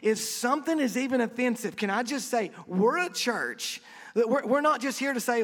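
Animated preaching man, high voice, church reverb. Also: normal speed. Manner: conversational preaching with animated acted quotes. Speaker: pastor. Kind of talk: sermon.

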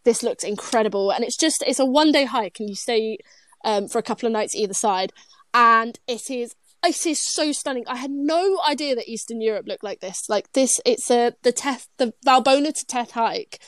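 A woman's voice: fairly high pitch, moderate pace, no echo. A woman in her twenties with a British accent, chatting casually as a guest, bubbly and rambling with frequent laughs and restarts. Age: 20s. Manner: bubbly, rambling, laughs often, self-interrupting. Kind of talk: casual chat.

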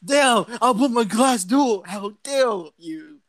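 A man's voice: sits high, fairly even intonation, a little slow, fairly bright tone, clean tone, dry recording, low-quality recording. A man playing an angry, swearing trailer owner in an improvised comedy skit. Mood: furious. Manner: blustering, swearing. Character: angry cursing man defending his trailer.

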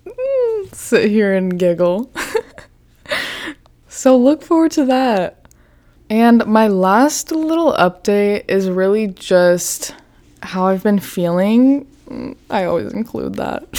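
A young woman talks through her own podcast in a loose, casual way. She giggles often, swears freely and fills her sentences with "like," at an ordinary middle pitch. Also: warm tone. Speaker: podcast host. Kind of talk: casual solo podcast chat.

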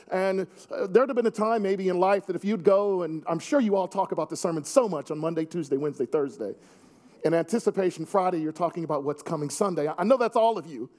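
A man's voice: high voice, darkish tone. A man preaching a sermon to his congregation, earnest with wry asides. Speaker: pastor.

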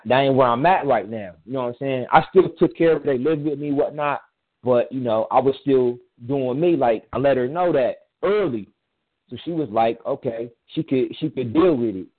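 A man in casual chat, telling a personal story in a rambling, emphatic way with frequent restarts. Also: mid-range voice. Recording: tinny phone-line sound.

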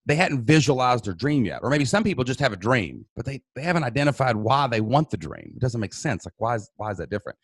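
A man telling an emotional personal story in a casual, animated way, often saying "dude" and "man". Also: mid-range voice, quick pace, few pauses, husky, dry recording, studio quality. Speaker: guest.

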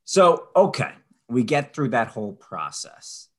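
A man co-hosting a podcast, telling a story with lively asides and mocking impressions of people. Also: unhurried. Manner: animated storyteller, mimics people in high voices. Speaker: podcast co-host. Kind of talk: casual chat.

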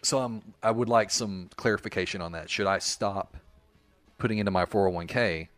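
A man's voice: lowish voice, moderate pace, fairly bright tone, dry recording, faint music behind. A man in his thirties chatting casually as a podcast co-host, rambling through stories and patiently explaining things. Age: 30s. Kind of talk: casual chat.

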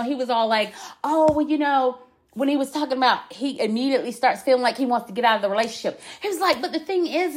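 A woman hosting a podcast, giving impassioned relationship commentary in an emphatic, preachy way and repeating herself for emphasis. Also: on the high side. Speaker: podcast host.

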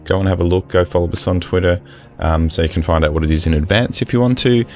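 A man's voice: low voice, quick pace, a little mellow, faint music behind. A man hosting a casual podcast, talking hesitantly with many fillers. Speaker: podcast host. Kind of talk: casual chat.

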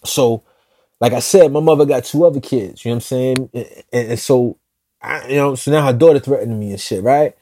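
A man telling a street story in a slangy, profane, animated way, often restarting his sentences. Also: mid-range voice, fairly quick.

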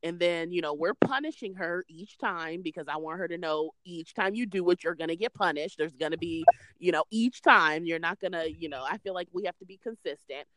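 A woman's voice: fairly low pitch, brisk, a bit bright, no room sound. A woman in her thirties co-hosting a casual chat, telling family stories and laughing. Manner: chatty storyteller, laughing. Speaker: podcast co-host.

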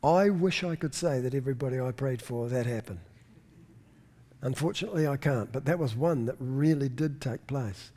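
A man's voice: medium pitch, moderate pace, warm tone. A pastor preaching a sermon, telling stories emphatically and often repeating words as he searches for the next one. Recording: long hall reverb.

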